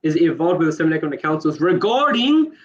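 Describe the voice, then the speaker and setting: A man's voice: a little high, big pitch swings, racing. A man in an online debate who fires off questions, interrupts and repeats himself. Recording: lo-fi call audio.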